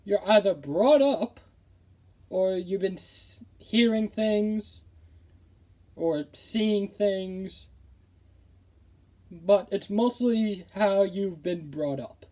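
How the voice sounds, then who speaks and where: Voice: medium pitch, extremely slow, pauses often, warm tone. A football commentary streamer ranting with indignation in casual talk, often stammering and restarting sentences. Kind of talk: casual opinion rant.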